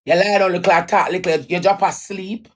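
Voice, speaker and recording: Woman with a Jamaican accent venting on a livestream; raw, repetitive, a touch low-voiced. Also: fairly even intonation, moderate pace. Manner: raw, emphatic, repeats lines. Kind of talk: emotional personal story, ranting.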